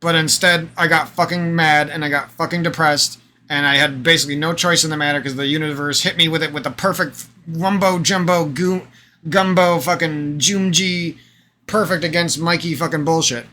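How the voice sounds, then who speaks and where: Hoarse guy ranting to his camera, swears constantly, kinda high bright voice, faint hiss underneath. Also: fairly even intonation, moderate pace. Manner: profane, emphatic, repetitive, rambling. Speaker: vlogger. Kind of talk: unscripted ranting vlog monologue.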